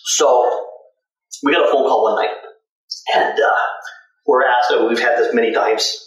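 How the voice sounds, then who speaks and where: A middle-aged man with a mid-range, slightly slow voice casually rambles through long anecdotes about his mascot work, stringing thoughts together with frequent "and, uh" fillers. The mic sits at a distance in a very echoey room.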